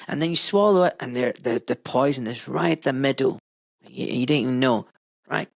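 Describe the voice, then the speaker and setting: A man's voice: mid-range voice, brisk, gravelly, no echo. Brief: male podcast host, emphatic, swears freely, dry close mic. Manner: emphatic, swears when worked up, mimics dialogue. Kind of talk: casual interview talk.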